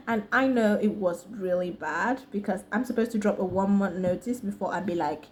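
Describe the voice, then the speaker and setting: A woman's voice: medium pitch, moderate pace, hardly any pauses, a little mellow, slight background noise. A woman with an American accent telling a casual, slangy storytime vlog story and laughing often between sentences. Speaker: vlogger.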